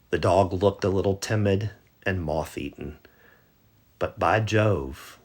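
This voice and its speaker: A man reads a bedtime story aloud, gentle and measured. His voice sits very low and moves slowly, with a husky, breathy grain.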